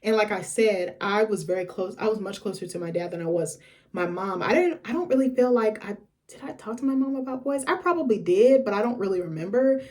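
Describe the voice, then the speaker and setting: A young woman vlogging in a chatty, candid way. She talks fast and fills her sentences with casual fillers as she tells her story. Her voice sits at a mid pitch. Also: lively intonation, a little mellow. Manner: chatty, frequent filler words. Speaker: vlogger host.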